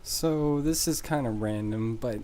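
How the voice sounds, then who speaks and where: A man rambling through casual game commentary in a sarcastic, deadpan joking manner, recorded on a desk mic as a voice-over. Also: medium pitch, measured pace, a little hiss or hum. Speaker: gameplay commentator.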